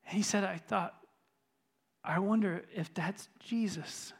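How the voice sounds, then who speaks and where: Pastor telling a story from the pulpit, man with a slightly high voice, dropping to near-whispers and climbing to urgency. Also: a little slow, vocal fry, slightly rough. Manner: retells a conversation, voice dropping to a hush then rising intense. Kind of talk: sermon storytelling. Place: church.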